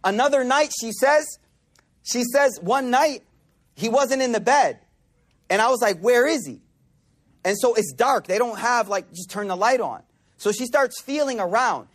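A man preaching a sermon to a live audience, repeating phrases for emphasis and dropping from loud, emphatic lines to hushed, intimate ones. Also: very high voice.

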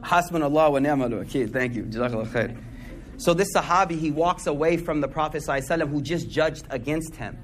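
A man's voice: a little high, fast talker, a little hiss or hum. A man delivers a casual sermon. He talks in loose slang, tells stories and keeps checking in with the audience. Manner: slangy, conversational, asks the audience questions. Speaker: Muslim speaker giving a talk.

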